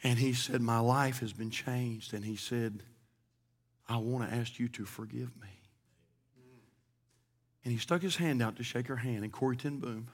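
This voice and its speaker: A male pastor preaching a sermon, moving from hushed, emotional storytelling to loud, shouted proclamation. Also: medium pitch, moderate pace, pauses often, breathy edge.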